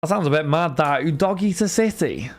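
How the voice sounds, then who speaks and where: Running card breaks on a live stream, this host chats casually with his audience, calling out viewers by name and frequently restarting. He speaks fairly quickly in a slightly high, expressive voice.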